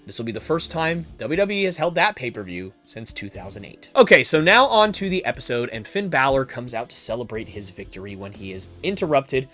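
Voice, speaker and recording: A man hosting a podcast, narrating a made-up wrestling storyline with animated, emphatic delivery. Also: medium pitch, brisk, few pauses, faint music behind. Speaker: podcast host.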